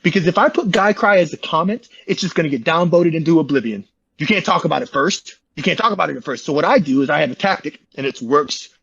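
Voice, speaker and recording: A man's voice: fairly high pitch, lively intonation, quick pace, creaky, a bit bright, husky, muffled recording. A man as an interview guest, telling his story in a rambling, slangy, casual way and calling listeners bro. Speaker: interview guest, online community founder.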